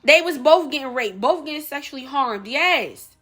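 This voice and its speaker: Woman going off on a rant, lots of repeated questions, high sharp voice. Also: animated, normal speed. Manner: emphatic, repeats rhetorical questions, addresses viewers as y'all. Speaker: vlogger. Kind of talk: opinion rant to camera.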